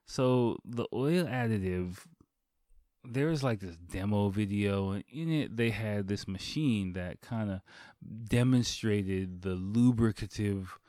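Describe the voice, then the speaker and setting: A man with a low voice tells a long personal story as a podcast host. He rambles, swears casually and restarts his sentences. The recording is dry and close, with no room sound. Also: slow pace, dark tone, no room sound. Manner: rambling and profane, lots of fillers and restarts.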